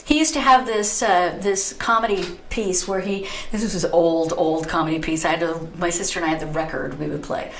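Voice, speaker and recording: A middle-aged woman hosting a talk radio show, telling a story in a lively, chatty way and often breaking into laughter. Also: on the low side, fairly quick, hardly any pauses, a little hiss or hum. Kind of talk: casual talk radio monologue. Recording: roomy echo.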